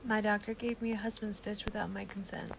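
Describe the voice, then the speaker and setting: A woman's voice: medium pitch, little pitch movement, a little fast, creaky, a little hiss or hum, low-quality recording. A young woman recovering from surgery, telling a personal story in a casual, earnest, hurt tone as she warns others.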